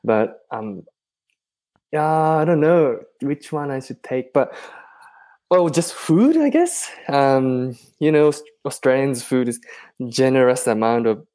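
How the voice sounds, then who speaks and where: A man's voice: medium pitch, slow, dark tone, no room sound. Hesitant man, dry sound. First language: Japanese. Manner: hesitant, many ums and restarts. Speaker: guest, podcaster. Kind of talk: casual interview chat.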